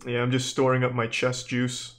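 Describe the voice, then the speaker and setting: A young man streaming live, chatting casually with viewers in a deadpan, exasperated way, swearing freely. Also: mid-range voice, moderate pace. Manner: deadpan, profane, exasperated rants at chat.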